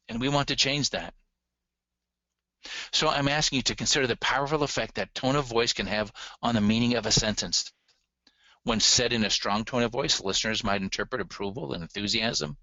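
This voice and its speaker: A man's voice: on the low side, sharp tone, dry recording, lo-fi sound. A man giving a recorded lecture on relationship communication, earnest and emphatic, speaking straight to his audience.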